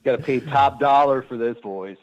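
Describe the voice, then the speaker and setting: A man's voice: medium pitch, moderate pace, highs cut off. A man appearing as a podcast guest, chatting casually about wrestling in a sarcastic, mock-boastful way.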